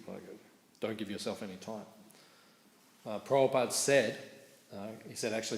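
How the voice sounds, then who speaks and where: A middle-aged man giving a morning scripture class, telling anecdotes in a chatty way. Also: lowish voice. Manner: chatty storytelling, laughs at own anecdotes. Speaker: class speaker. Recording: echoey hall with faint room noise.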